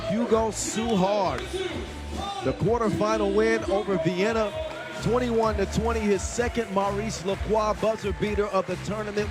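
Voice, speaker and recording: A man doing energetic play-by-play commentary at a basketball event, with punchy, bantering delivery. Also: sits high. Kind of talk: sports commentary.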